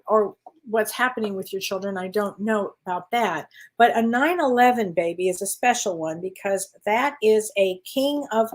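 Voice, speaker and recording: A woman hosting a live psychic reading show, chatty and affectionate, calling viewers honey. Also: a little high. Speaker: psychic reader and astrologer.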